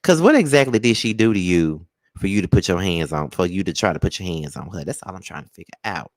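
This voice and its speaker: A man's voice: quick pace, no echo. Sassy man hosting gossip, dry sound. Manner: sassy, animated scolding with high exclaims; drawls terms like child and honey. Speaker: gossip show host. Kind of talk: live-streamed celebrity gossip chat.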